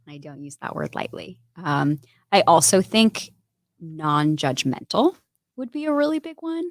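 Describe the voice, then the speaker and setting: A woman guest on a studio podcast, talking in an earnest, candid way with lots of "like" and "right?" tags. Her voice sits low and has a gravelly fry. The sound is close and dry. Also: sing-song, measured pace, dry recording. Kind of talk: candid conversational interview.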